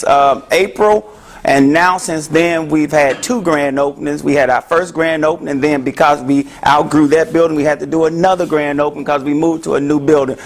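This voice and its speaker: A man giving an interactive health talk to a live audience, joking and asking the room questions. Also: fairly high pitch. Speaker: mental health speaker.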